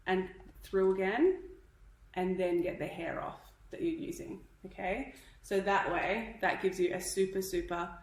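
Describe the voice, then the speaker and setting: A woman's voice: mid-range voice, roomy sound, low-quality recording. Chatty woman teaching hairstyling, a bit breathless. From Australia. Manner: chatty, instructive, checks in with "okay?". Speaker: hairdressing educator. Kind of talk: live tutorial.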